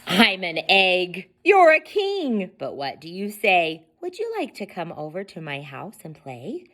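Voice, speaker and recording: A woman's voice: on the low side, huge pitch swings, unhurried, a bit bright, full character voice. A woman reading a storybook, voicing a cheerful, eager egg boy who pleads and invites friends. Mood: friendly.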